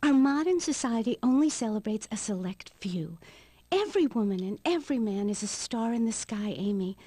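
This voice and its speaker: An actress playing a rambling new-age woman who calls herself a white witch, on a game's radio talk show, drifting into hushed whispers. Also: fairly high pitch, animated, moderate pace, dry recording. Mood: dreamy. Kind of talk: video game radio comedy acting.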